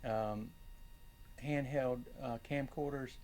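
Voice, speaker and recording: An older man hosting his own channel, chatting casually about his finds and rambling with many pauses and fillers. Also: medium pitch, fairly even intonation, darkish tone. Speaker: channel host and reseller. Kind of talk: casual chat.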